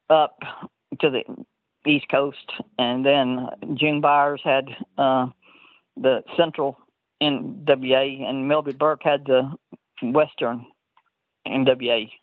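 A woman's voice: a bass voice, dry recording. An older woman telling stories as an interview guest, rambling and laughing often mid-sentence, heard over a tinny phone line.

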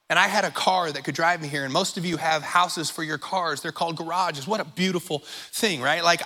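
A man's voice: on the high side, pushed and bright. A man preaching a sermon to his church in a conversational, emphatic way, a little out of breath from pacing the stage. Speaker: pastor. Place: church sanctuary.

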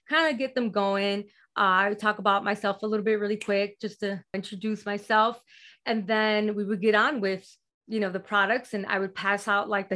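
A woman in a casual interview, telling lively stories and quoting herself and others with animation. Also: mid-range voice. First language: bilingual in Spanish. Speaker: guest.

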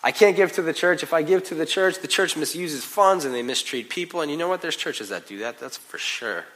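Animated, conversational male preacher. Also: fairly high pitch, fairly quick, poor audio. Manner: animated, conversational preaching with big swings in loudness; casual fillers like "like" and "you know". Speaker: pastor. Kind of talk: sermon.

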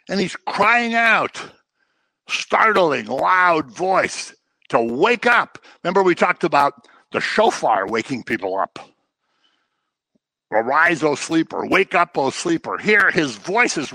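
A middle-aged man preaching a sermon, lively and dramatic, slipping into the voices of the people he describes. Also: sits high, dry recording. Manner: animated, acts out voices of people he quotes. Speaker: pastor.

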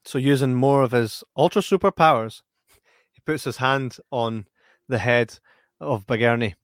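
A man co-hosting a relaxed film chat, lively and quick to act out scenes in silly voices. His voice sits at an ordinary middle pitch. The sound is dry and close, with no room around it. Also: dry recording. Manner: animated, acts out film lines in put-on voices, laughs often. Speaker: podcast co-host. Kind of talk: casual film review chat.

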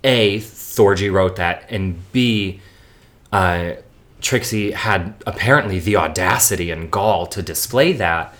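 A man co-hosting a podcast in casual chat, animated and gossipy, full of quick asides. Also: low-pitched. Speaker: podcast co-host.

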